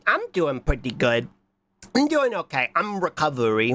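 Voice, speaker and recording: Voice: sing-song, moderate pace, a bit bright. Congested, wildly swooping livestreamer voice. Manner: scattered and goofy, with frequent repeated "What?" and squeaky high bursts. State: congested from a cold. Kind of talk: casual reaction stream, reading chat aloud.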